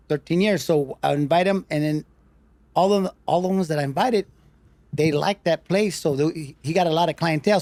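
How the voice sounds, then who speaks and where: A man's voice: on the high side, darkish tone, dry recording. A man in casual podcast chat who stumbles and repeats words as he tells a story. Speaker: guest.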